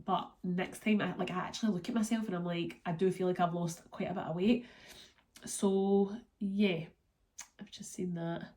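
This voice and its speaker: A woman's voice: on the low side, fairly even intonation, moderate pace, darkish tone. A Scottish woman chatting to her camera in a loose, rambling way, full of ums and likes. She sounds congested and worn down by a cold. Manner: chatty, rambling, lots of fillers. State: congested and run down from illness. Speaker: vlogger. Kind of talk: casual vlog chat.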